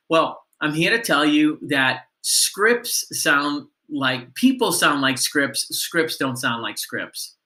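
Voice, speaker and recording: A man's voice: fairly high pitch, pushed and bright. A man giving a sales training lesson, coaching listeners on phone greetings and asking them questions.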